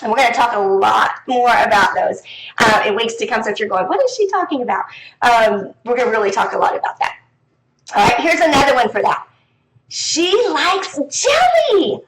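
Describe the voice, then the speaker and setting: A woman with a high voice talks other teachers through classroom reading activities. She speaks casually and brightly, often lifting into a sing-song voice as if talking to young pupils. The sound is roomy and echoey. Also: brisk, slight background noise. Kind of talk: casual instructional talk. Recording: echoey room.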